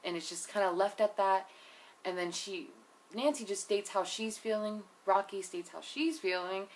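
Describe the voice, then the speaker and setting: A woman's voice: mid-range voice, moderate pace. Chatty, foul-mouthed young woman recapping. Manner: chatty and profane, full of "like" and "you know"; blunt, opinionated asides. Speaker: TV episode reviewer. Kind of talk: casual recap commentary.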